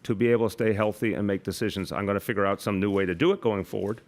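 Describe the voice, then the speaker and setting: A man's voice: fairly low pitch, very fast. A man, a city official at a press conference, defensively justifying himself and repeating his points.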